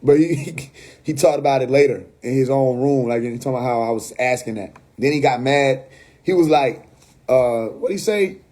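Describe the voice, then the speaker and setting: A man's voice: mid-range voice, normal speed, dark tone. A man with a New York accent, ranting casually and bluntly on a phone livestream from home, cursing and laughing between points. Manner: blunt, profane, laughing asides. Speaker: livestream host.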